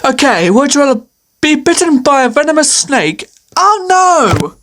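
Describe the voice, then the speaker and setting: In a high, fairly bright voice with big pitch swings, a woman unhurriedly answers quiz questions for her video. It's casual solo commentary, playful and hesitant, with many fillers and frequent laughs.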